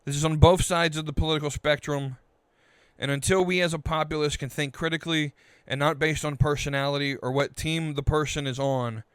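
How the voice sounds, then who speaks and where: A frustrated man hosts his own podcast, trading a calm tone for an exasperated rant that keeps tripping over restarts. His voice sits a little high and sounds smooth and resonant. The recording is close and dry, with no room sound around it. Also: dry recording. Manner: frustrated, halting, many restarts. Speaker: podcast host. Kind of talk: political rant.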